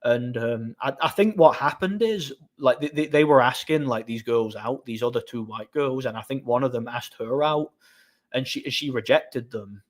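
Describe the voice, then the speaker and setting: A man's voice: medium pitch, normal speed. Rambling man telling stories on a live stream. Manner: rambling storytelling with frequent restarts. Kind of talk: casual live stream chat.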